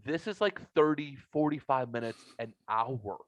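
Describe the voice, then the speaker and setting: A middle-aged man hosting a podcast, telling a story in a casual, profane and animated way. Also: medium pitch, normal speed, no echo. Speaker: podcast host. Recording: dull lo-fi audio.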